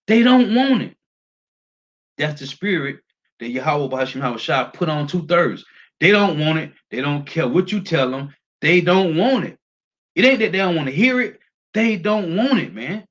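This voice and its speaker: A man preaching a street-style sermon, reading scripture aloud and talking emphatically, often ending phrases with a low, tossed-off "man.". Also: lively intonation, moderate pace, fairly bright tone, lo-fi sound.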